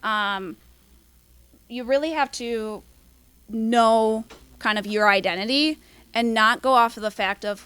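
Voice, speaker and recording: A young woman giving a casual workshop talk, quick and full of "um"s and "like"s. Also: fairly high pitch, sharp tone, clear, resonant tone, dry recording. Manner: quick, filler-heavy, apologizes for talking fast. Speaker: workshop presenter.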